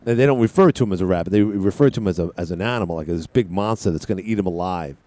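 A man's voice: sits low, rapid-fire, warm tone, no room sound. A man hosting a call-in radio show, chatting in a rambling, joking way with plenty of side tangents. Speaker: radio talk show host. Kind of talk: call-in talk radio chat.

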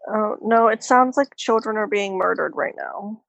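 A woman's voice: mid-range voice, normal speed, vocal fry, a bit bright, no room sound, poor audio. A woman co-hosting a podcast, teasing and joking in casual chat. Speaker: podcast co-host.

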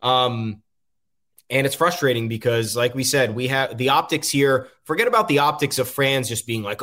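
A man's voice: mid-range voice, moderate pace, a bit bright. A man hosting a casual sports talk show, rambling and frustrated, with frequent ums. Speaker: podcast host.

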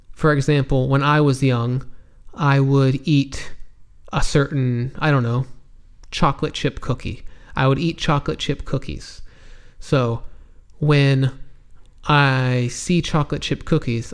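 A man's voice: mid-range voice, clean tone. A man teaching English vocabulary, explaining words patiently and spelling them out, with many ums and restarts. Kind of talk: slow explanatory vocabulary lesson.

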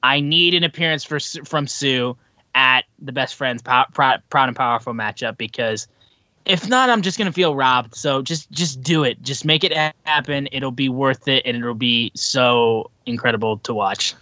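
Man, podcast host, bright tone, dull dry sound, relaxed sign-off reader. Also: medium pitch, moderate pace, dry recording. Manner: relaxed, reads plugs, swears when he stumbles. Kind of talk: casual podcast chat and sign-off.

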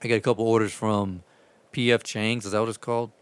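A man's voice: on the low side, fast talker, clear, resonant tone, no echo. A man telling rambling, profane stories about his delivery driving in a casual chat. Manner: profane, rambling, animated retelling.

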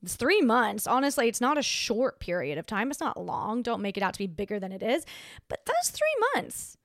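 Young female podcast host, higher voice, dry close mic, sassy and blunt casual advice. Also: animated, a little fast, no room sound.

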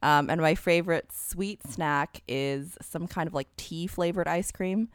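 A young married woman chatting casually, bubbly and quick to laugh. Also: low-pitched, clear, resonant tone, dry recording, clean studio sound. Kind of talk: casual chat.

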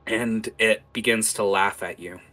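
A man's voice: fairly low pitch, steady tone, unhurried, pushed and bright. A man running a tabletop game as game master, narrating scenes vividly with many fillers.

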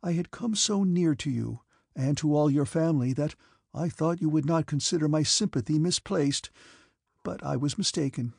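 A man doing a tearful gentle noblewoman. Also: on the high side, moderate pace, vocal fry, husky, no room sound, clean studio sound, voice pushed up. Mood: earnest. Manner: trembling, pleading. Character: gentle, sorrowful young noblewoman.

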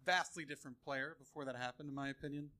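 A man's voice: medium pitch, steady tone, fast, bright, forceful tone. A man who writes about sports giving his opinions on a live podcast.

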